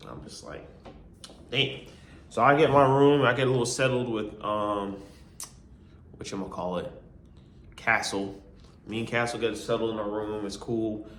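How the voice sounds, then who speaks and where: A man's voice: on the low side, steady tone, measured pace, long pauses, fairly bright tone, roomy sound, slight background noise. A young man vlogging as a college student, telling a long story in a rambling, slangy way, with lots of asides and "you know what I mean". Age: young adult. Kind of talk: casual storytelling.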